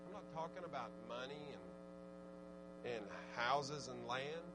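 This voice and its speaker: A man preaching a sermon, swinging from fervent exhortation to low, conversational asides. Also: a little slow, background noise. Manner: rising to fervent shouted exhortation, then dropping low and conversational.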